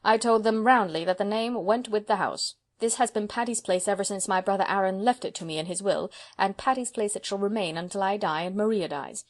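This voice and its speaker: A woman voicing a proud, brisk spinster of seventy, speaking emphatically and sternly. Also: mid-range voice, close to an everyday voice.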